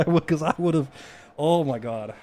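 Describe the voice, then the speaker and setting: A man's voice: a little high, moderate pace, warm tone. A man talking casually on a stream, rambling with many restarts and plenty of swearing.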